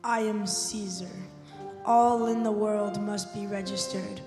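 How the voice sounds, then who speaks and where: Woman doing a proud Roman emperor, loud declaiming voice, slow, roomy church hall, music behind. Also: medium pitch, little pitch movement, lightly acted. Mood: imperious. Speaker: pageant narrator voicing the emperor. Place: church sanctuary.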